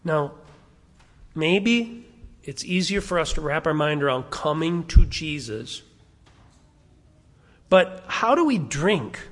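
High-voiced man preaching in a reverberant hall. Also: big pitch swings, slow pace, pauses often. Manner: questions the listeners and has them turn to verses. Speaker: pastor. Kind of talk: sermon.

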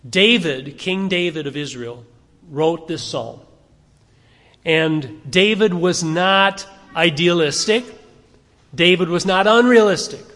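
A man's voice: a little high, a bit bright, in a large hall. A man preaching a sermon to a congregation, conversational and asking them questions. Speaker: pastor.

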